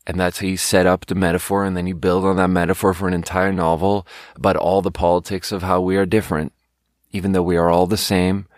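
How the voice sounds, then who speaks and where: A man's voice: deep voice, level tone, fast talker, no echo, clean studio sound. A man from Sweden hosting a podcast, telling a rambling, profane, self-mocking story in casual monologue. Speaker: podcast host and restaurant server.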